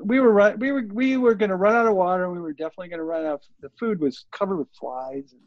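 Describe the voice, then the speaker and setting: A man in his sixties, an interview guest, telling a rambling, animated story and acting out the lines of the people in it. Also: high voice, quick pace, dry recording. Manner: rambling, animated, acts out quoted dialogue. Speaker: interview guest, surf filmmaker. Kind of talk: casual storytelling. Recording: dull lo-fi audio.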